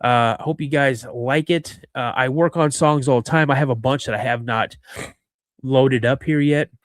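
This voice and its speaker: A man hosting a podcast, telling a story in an animated way with frequent restarts and asides. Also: medium pitch, dry recording, studio quality. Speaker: podcast host.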